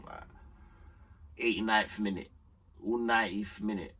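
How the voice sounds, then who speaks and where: A young man giving an excited football match reaction, full of slang, dropping to mutters and rising to shouts. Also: measured pace, long pauses, far from the mic, background noise. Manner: animated London slang, swings between low muttering and shouting. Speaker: football fan vlogger.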